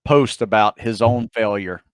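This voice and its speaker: A man co-hosting a casual podcast, talking with enthusiasm and plenty of fillers, sometimes trailing off softly. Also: lowish voice, a little slow, no room sound. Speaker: podcast co-host. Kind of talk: casual chat.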